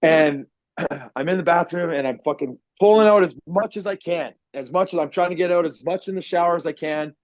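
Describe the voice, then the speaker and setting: A man telling a personal story on a podcast, animated and swearing often, acting out what people said. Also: fairly high pitch, fairly quick, no room sound. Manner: animated, swears a lot, acts out quotes loudly. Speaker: podcast guest. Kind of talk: casual storytelling. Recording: dry, dull lo-fi podcast audio.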